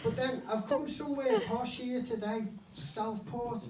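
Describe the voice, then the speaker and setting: A man's voice: extremely high pitch, a little slow, background noise. A man doing a live stand-up set. He tells his stories in a blunt, sweary way. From Liverpool area. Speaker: stand-up comedian. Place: comedy club stage. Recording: echoey club from far off. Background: audience laughter.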